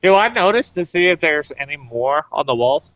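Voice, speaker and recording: A man's voice: on the high side, sing-song, moderate pace, a bit bright, dry recording. A man playing a tabletop game, speaking in a blunt, matter-of-fact way. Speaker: player. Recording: dry, dull sound.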